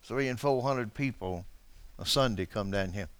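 A pastor preaching a dramatic sermon to his church, dropping to a hush and then rising to shouts, calling out to people in the pews. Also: on the low side, normal speed, no room sound. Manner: calls out to congregation members.

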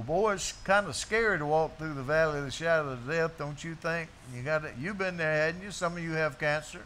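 A man's voice: a little high, a little fast, few pauses, bright, forceful tone, a little hiss or hum. A man preaching a sermon to his congregation, telling folksy stories and firing off rhetorical questions. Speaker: pastor. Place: church before a congregation.

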